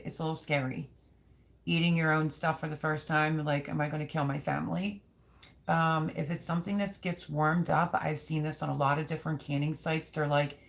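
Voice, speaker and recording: A middle-aged woman with a low, gravelly voice hosts a casual livestream. She chats and reads viewer comments aloud, rambling and thinking out loud as she goes.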